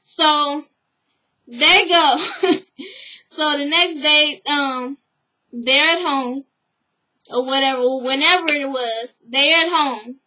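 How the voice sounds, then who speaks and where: A woman's voice: high-pitched, slow, pauses often, poor audio. A woman casually recapping a show for her vlog, blunt and profane, acting out what people said. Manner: animated storytelling, blunt and profane, acts out quotes.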